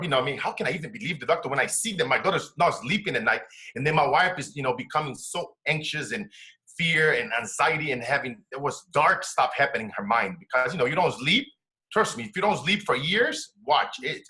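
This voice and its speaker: A man's voice: fairly high pitch, lively intonation, a little fast, bright, forceful tone. A middle-aged man from Brazil with a Brazilian Portuguese accent, a success coach telling a personal story in earnest, broken English.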